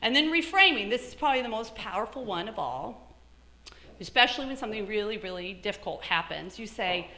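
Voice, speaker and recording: A middle-aged woman giving a motivational talk as keynote speaker, animated, acting out her own thoughts in lively asides. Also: mid-range voice, fairly quick, reverberant, a little hiss or hum. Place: lecture hall.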